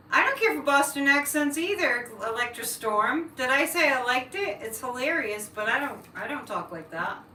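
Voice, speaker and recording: This psychic livestream host chats with her viewers, reads their comments, and goes off on political rants. Her voice sits high and sounds pushed and bright. She is far from the mic in an echoey room, with a little hiss or hum in the recording.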